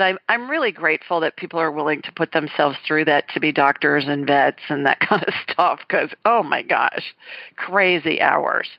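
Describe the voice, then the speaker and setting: Middle-aged female host, warm chatty enthusiasm, dry muffled close mic. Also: low voice, no room sound. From US South. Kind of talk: casual chat.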